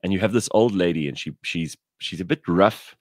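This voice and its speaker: A man's voice: deep voice, a little fast, no room sound, clean studio sound. A man telling blunt, irreverent stories in a casual chat. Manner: animated storyteller, blunt and irreverent. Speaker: podcast co-host.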